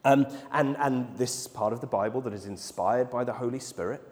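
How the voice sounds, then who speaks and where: A man's voice: mid-range voice, moderate pace, darkish tone. A male preacher telling a personal story in a sermon, often stumbling over repeated words as he goes. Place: church. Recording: church hall with long reverb.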